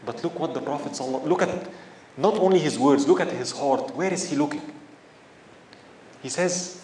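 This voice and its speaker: A man giving a religious lecture in an animated way, often asking his listeners rhetorical questions. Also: mid-range voice, moderate pace, pauses often. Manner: animated, asks the audience frequent rhetorical questions. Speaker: Islamic teacher. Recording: echoey room with faint ambience.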